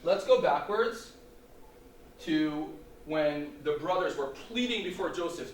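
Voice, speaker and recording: Rabbi lecturing in an echoey room. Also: male voice, on the high side, moderate pace, a little hiss or hum. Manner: animated, rhetorical questions, dramatic shifts in volume. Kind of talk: Torah lecture. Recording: roomy hall, distant mic, faint ambience.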